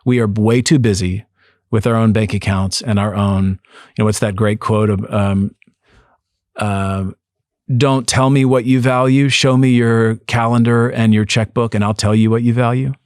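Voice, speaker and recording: A man, a psychotherapist, speaking as an interview guest in an earnest, measured way, often restarting his sentences. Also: fairly low pitch, fairly even intonation, a little mellow, dry recording, studio quality. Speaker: depth psychotherapist, podcast guest. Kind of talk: reflective interview talk.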